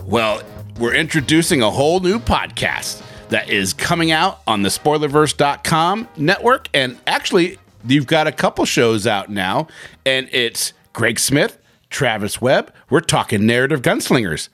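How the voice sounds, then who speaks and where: A man hosting a podcast, opening with a rapid hyped intro and then chatting casually. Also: medium pitch, very animated, a bit bright, faint music behind. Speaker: podcast host.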